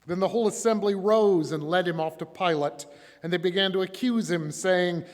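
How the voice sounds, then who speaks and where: A man with a fairly high voice reads scripture dramatically inside a church. His words ring out with a long, lingering reverb from the hall around him. He varies his voice and volume for each quoted speaker. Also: moderate pace. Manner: expressive, shifts voice and loudness for quoted speakers. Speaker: church reader. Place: church sanctuary.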